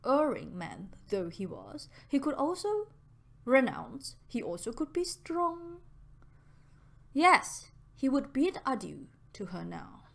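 Woman, audiobook narration, higher voice, lively pitch, slow. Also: vocal fry.

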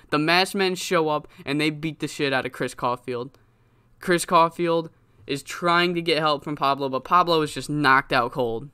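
A man's voice: a little high, moderate pace, bright, forceful tone, clean tone, no room sound, studio quality. A man giving casual, rambling commentary on a wrestling game, swearing often. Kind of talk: casual let's-play commentary.

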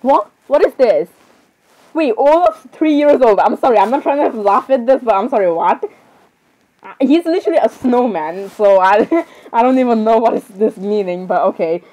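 A woman's voice: on the high side, lively intonation, moderate pace, dark tone, low-quality recording. Giggly young woman rambling, apologizing. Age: teens. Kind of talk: casual reaction commentary.

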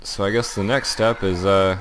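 A young man giving let's-play commentary, thinking aloud and reacting excitedly as he plays. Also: low voice, moderate pace, slight background noise. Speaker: gaming channel host.

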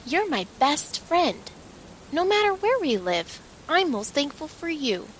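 A woman's voice: high-pitched, big pitch swings, unhurried, a bit bright, a little hiss or hum, pitched above the performer's own voice, full character voice. A woman doing a fussy little squirrel. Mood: tender. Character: fussy, picky little squirrel, loyal friend.

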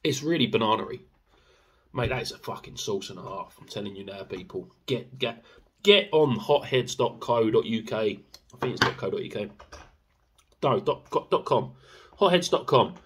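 A man's voice: on the low side, lively intonation, moderate pace, a bit bright, husky. A young man chatting casually in a sauce review vlog, rambling with fillers and swearing freely. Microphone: camera mic.

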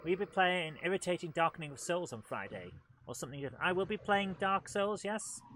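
A man with a slightly raised voice keeps up loose, self-mocking banter as he plays a game live. The game's vehicle and ambient sounds clatter loudly underneath him the whole time. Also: high-pitched, lively intonation, fast talker. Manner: chatty, self-mocking, talks to chat. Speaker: game streamer. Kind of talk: live let's-play commentary. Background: game engine and vehicle noise.

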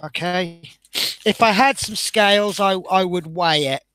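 Man, model-build host, rambling casual talk, fairly high voice, dry close recording. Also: a little slow, a bit bright, clean tone, no room sound. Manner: chatty, rambling, self-interrupting.

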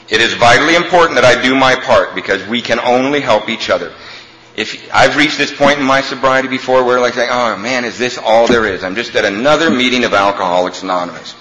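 A man speaking at a recovery meeting, telling a humorous story in an animated, comic way. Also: a little high. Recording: echoey hall, faint ambience.

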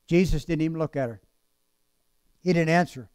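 A man preaching a sermon with passion, drawing out key words slowly and then rushing through quick asides. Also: on the high side, darkish tone, smooth, no room sound, studio quality. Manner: impassioned, swings between slow emphatic lines and fast asides.

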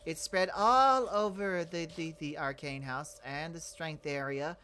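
A woman hosting a game role-play series in character, animated and swinging between alarm and calm musing. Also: deep voice, unhurried, slight background noise. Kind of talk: in-character role-play chat with a channel outro.

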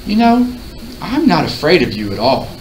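A man reading aloud, voicing a curious, dreamy seventeen-year-old girl who speaks in a soft, wondering way. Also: on the high side, wildly swooping pitch, moderate pace, pitched above the performer's own voice. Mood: thoughtful. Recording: roomy, distant mic, faint hiss.

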